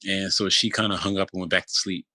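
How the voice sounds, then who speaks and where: Low, flat-voiced man telling his story. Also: no echo. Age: 30s. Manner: halting, loose, full of restarts and "you know". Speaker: interview guest. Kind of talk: telling a personal story in conversation.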